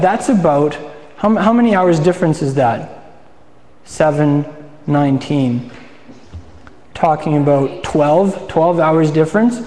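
A man's voice: high voice, warm tone. A man preaching a casual sermon, chatty and asking the audience questions. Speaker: pastor. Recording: echoey hall.

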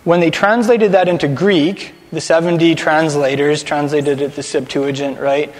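A man with a high voice gives a loose, conversational sermon to a congregation. He stumbles over words and has his listeners say things back to him. His voice rings with a long echo, as if he is in a large hall. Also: steady tone, normal speed. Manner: chatty, repeats words, has listeners repeat after him. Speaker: congregation teacher.

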